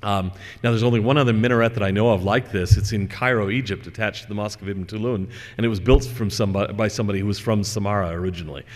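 A man's voice: on the low side, fairly even intonation, very fast. A man giving a religious lecture to an audience in a hall, reading scripture and chatting through digressions with fillers. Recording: long hall reverb.

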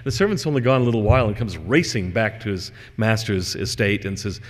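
A man's voice: fairly low pitch, expressive, brisk. A man giving a conversational religious lecture, telling stories and wandering through asides with fillers. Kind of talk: lecture with storytelling. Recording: long hall reverb.

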